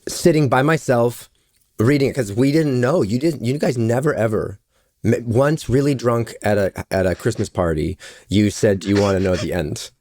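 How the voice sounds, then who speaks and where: A man's voice: mid-range voice, moderate pace, darkish tone. A man who is a guest actor on a podcast, talking candidly with small restarts. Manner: candid, reflective, stammers on restarts. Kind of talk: casual podcast interview.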